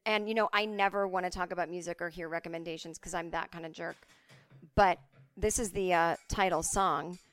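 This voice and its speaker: A woman in her forties hosting a casual solo podcast from home, chatty and swearing freely with quick asides. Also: fairly low pitch, fairly even intonation, a bit bright, dry recording. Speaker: podcast host.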